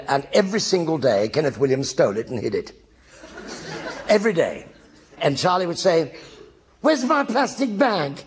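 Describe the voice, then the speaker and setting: In a one-man stage show, an older actor with a mid-range voice shares anecdotes with a live audience and acts out other people's voices.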